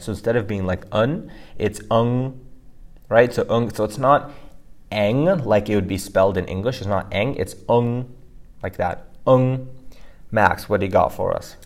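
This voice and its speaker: A man's voice: fairly low pitch, fairly quick. A man co-hosting a casual podcast lesson, explaining pronunciation and often checking in with "right?". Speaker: co-host teaching pronunciation.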